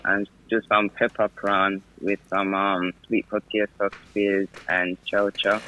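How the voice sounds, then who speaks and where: A man with a bright, forceful voice co-hosts a casual live podcast. He sounds upbeat as he runs through food and gives listeners shoutouts. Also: fairly low pitch, flat delivery, takes it slowly, a little hiss or hum, low-quality recording. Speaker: podcast co-host.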